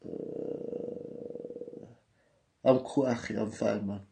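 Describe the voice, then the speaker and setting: A man's voice: lowish voice, fairly even intonation, drawn-out words, creaky, noisy background. A man with a London accent, hosting a casual livestream, talking in street slang and reading out viewer messages. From England. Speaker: livestream host.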